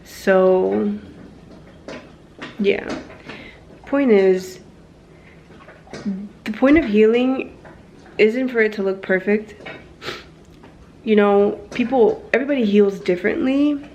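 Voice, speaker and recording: Slow-talking young woman vlogging. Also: mid-range voice, darkish tone, dull audio, slight background noise. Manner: frank and unfiltered, swears casually; rambling with fillers and self-corrections. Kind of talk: candid personal vlog.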